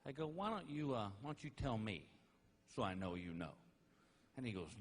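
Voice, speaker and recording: Folksy, animated man doing stand-up comedy. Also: mid-range voice, a little fast. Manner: folksy, animated, laughing at his own jokes. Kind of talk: stand-up storytelling. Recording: live comedy album with faint noise.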